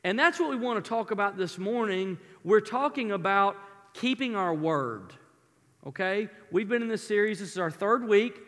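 A male pastor with a high-pitched voice tells a lively personal story from the pulpit, full of folksy asides. His voice carries a long reverb from the large church hall around him. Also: moderate pace.

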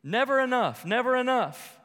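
A man's voice: very high-pitched, animated, normal speed, a bit bright, in a large hall. A pastor preaching a sermon to his congregation, asking rhetorical questions.

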